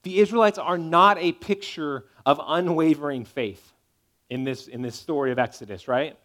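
Man, pastor, sermon, somewhat high pitch, emphatic conversational delivery. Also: moderate pace, a bit bright. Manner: conversational preaching, emphatic, checks in with "right?".

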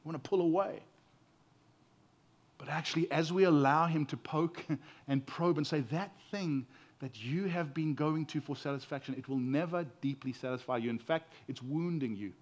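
A man with a South African accent preaching a sermon, earnest and expressive, with emphasis that rises and falls. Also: a little high, normal speed.

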